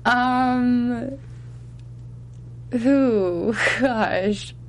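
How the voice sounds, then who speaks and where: In a casual interview, a woman singer with a slightly high voice chats slowly and unhurriedly. She sounds hesitant, pausing often, filling gaps with little hums and fillers, and laughing easily, while a faint hum sits in the background.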